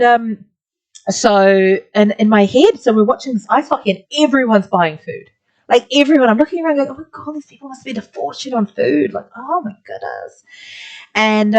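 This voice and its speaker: A woman's voice: mid-range voice, dull audio. A woman with a New Zealand accent, an art teacher chatting through a rambling story while she colours a drawing. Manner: chatty, rambling, many "like" fillers.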